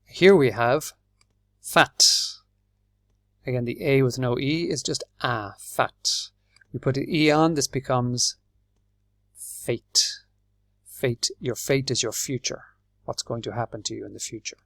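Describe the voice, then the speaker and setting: Slow, patient Irish male teacher. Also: medium pitch, no room sound. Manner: patient, spells words out letter by letter. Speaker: English teacher. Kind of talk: slow, clear classroom explanation.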